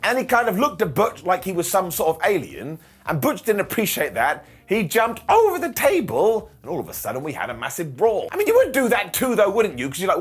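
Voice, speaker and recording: A man in his thirties recapping a wrestling show in a sarcastic, jokey monologue full of quick mock impressions. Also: sits high, huge pitch swings, breathy edge.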